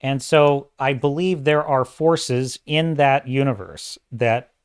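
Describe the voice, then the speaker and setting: Male livestream host, loose and rambling, quick to laugh, mid-pitched voice. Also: smooth. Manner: rambling, animated, laughs often, reads chat aloud. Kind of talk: casual livestream chat.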